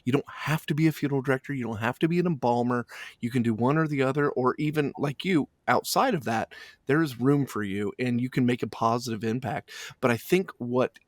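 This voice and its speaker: A male funeral director, talking in a halting, reflective way during a casual interview and often restarting his sentences. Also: medium pitch, no echo, studio quality.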